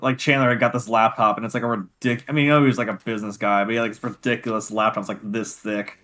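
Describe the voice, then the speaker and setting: A man co-hosting a podcast, telling animated stories in casual chat. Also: on the low side, rapid-fire. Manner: animated storytelling. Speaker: podcast co-host.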